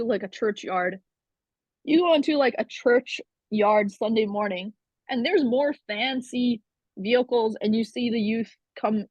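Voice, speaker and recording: Blunt young woman from Canada, breathy, dry and slightly muffled, rambles and swears. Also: on the high side, no echo. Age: 20s. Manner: rambling, frank, swears freely. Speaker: guest. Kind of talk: candid conversational interview.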